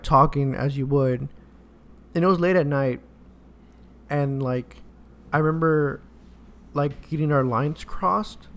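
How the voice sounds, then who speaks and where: A man co-hosting a podcast, telling a halting, rambling anecdote in casual chat. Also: a little high. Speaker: podcast co-host.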